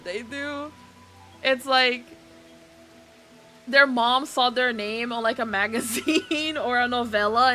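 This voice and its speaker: A woman's voice: a little high, pushed and bright. A woman, a Portuguese speaker, chatting casually on her stream and laughing often. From Brazil. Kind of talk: casual chat.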